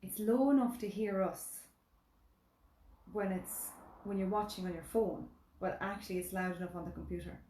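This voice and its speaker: A woman's voice: mid-range voice, steady tone, moderate pace, warm tone, recorded from a distance, a little hiss or hum. A woman chatting casually as a co-host, telling stories with dry humour. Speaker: guest co-host. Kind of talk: casual live chat. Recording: echoey room, off-mic.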